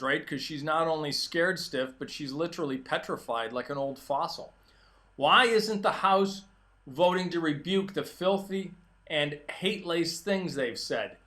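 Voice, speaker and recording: A man's voice: on the high side, pushed and bright. A man hosting his own political commentary show, talking solo in a sarcastic, mocking tone.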